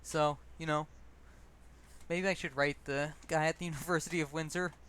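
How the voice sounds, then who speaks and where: A man's voice: on the high side, steady tone, normal speed, a bit bright, slight background noise. A young man casually telling stories and reading his own poetry, rambling and self-deprecating, with many fillers and restarts.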